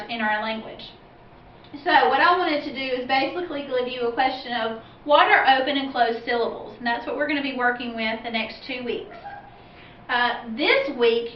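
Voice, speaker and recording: Female second-grade teacher, high voice, careful explainer; echoey room with light hiss. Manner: slow, clear explaining with spelled-out letters. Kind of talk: instructional video for parents. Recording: roomy, distant, dull lo-fi sound with faint hiss.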